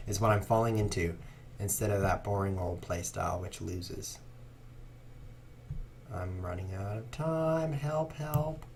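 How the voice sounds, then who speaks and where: Man, lowish voice, chess streamer, casual joking commentary, sarcastic rambling. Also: dark tone, a little hiss or hum. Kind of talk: casual livestream commentary while playing.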